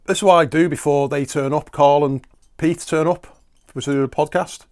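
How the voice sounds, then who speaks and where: A man's voice: on the high side, normal speed, a little mellow. A man hosting a podcast, rambling through a chatty, self-mocking solo comic monologue. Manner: talks while eating at times. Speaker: podcast host.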